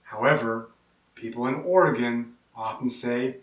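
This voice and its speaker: A man from Kansas, teaching pronunciation in a slow lesson and repeating each word clearly. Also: medium pitch. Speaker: English teacher. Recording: echoey room, distant mic.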